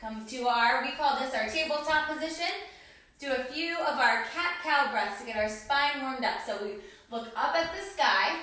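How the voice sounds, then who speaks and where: Bright, slow-paced woman leading kids yoga. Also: high voice. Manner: encouraging, cueing breaths and counting down. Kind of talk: guided kids yoga class. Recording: echoey room, voice from a distance.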